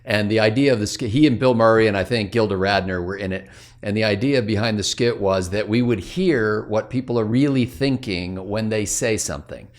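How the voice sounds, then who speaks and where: Wry rambling man, mid pitch. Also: brisk. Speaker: co-host. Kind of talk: casual planning meeting chat.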